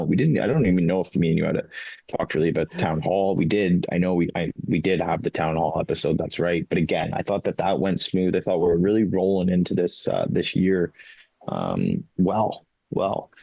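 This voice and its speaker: A man hosting a casual fantasy football podcast, talking in a halting way with many fillers and restarts. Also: low voice, vocal fry, warm tone, no room sound. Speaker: podcast host, fantasy league commissioner. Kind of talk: casual chat. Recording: dull, dry lo-fi mic.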